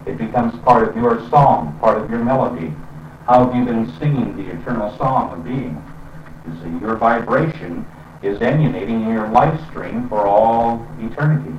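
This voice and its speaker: A man giving a reflective spiritual talk in an unhurried way, with pauses and fillers. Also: on the low side, lively intonation, a little hiss or hum. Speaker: spiritual teacher. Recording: roomy, distant and dull lo-fi sound with faint ambience.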